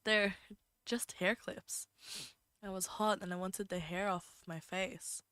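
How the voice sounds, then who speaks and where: A woman voicing an aloof male Grim Reaper in a dating game, reading his lines in a dry, low-key manner. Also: fairly even intonation, slow, fairly bright tone, dry recording.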